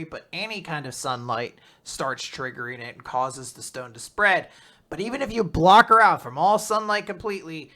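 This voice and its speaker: A man hosting a casual podcast, recapping comic chapters and acting out the characters' lines with jumps in pitch and frequent laughter. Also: bright, forceful tone. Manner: acts out character quotes with shifting pitch, laughs often. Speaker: podcast host recapping manga.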